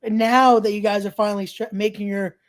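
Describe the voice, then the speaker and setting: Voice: mid-range voice, flat delivery, a little fast. Podcast host, from New York, rambling, promotional, casual interview. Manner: rambling, promotional, laughs often.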